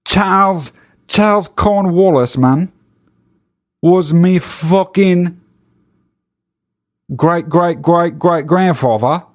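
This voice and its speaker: A man's voice: sits high, extremely slow, pauses often, voice pushed up. A man putting on an indignant English man with an English accent, who insists in a whiny, profane way that his ancestor's statue stay up.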